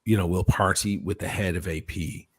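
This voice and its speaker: Profane, low-voiced man telling a story. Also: normal speed, breathy edge. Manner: profane, animated anecdote with acted-out quotes. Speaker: watch channel host. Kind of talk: casual storytelling on a live stream.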